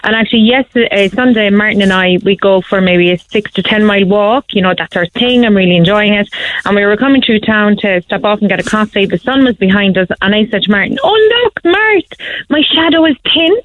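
A middle-aged woman with a Cork accent, chatting on the radio and telling stories in a lively, animated way. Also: medium pitch, quick pace, no echo. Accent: Irish, Cork. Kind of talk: casual radio chat. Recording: phone line.

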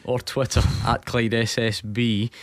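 A Scottish man hosting a sports phone-in on the radio, talking in a measured, reasonable way. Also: medium pitch, little pitch movement, dry recording. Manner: measured, reasonable, reads out numbers. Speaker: radio host. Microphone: studio mic.

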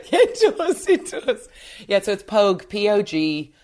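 A woman's voice: mid-range voice, big pitch swings, unhurried, a little mellow. A young woman with an Irish accent hosting a casual podcast interview, giggly and self-deprecating. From Ireland. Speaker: podcast host.

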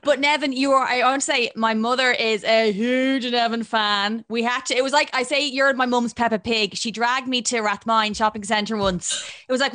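A woman's voice: fairly high pitch, moderate pace, a bit bright. A young woman telling a chatty, giggly story on a podcast. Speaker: podcast team member. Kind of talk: casual anecdote.

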